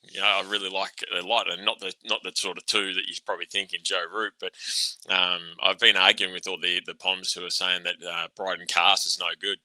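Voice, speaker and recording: A low-pitched Australian man with a very bright, forward tone rants bluntly through casual sports chat. He swears freely and breaks into laughter. The sound is dry and close. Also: little pitch movement, a little fast, no echo, low-quality recording. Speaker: podcast co-host, ex-cricketer.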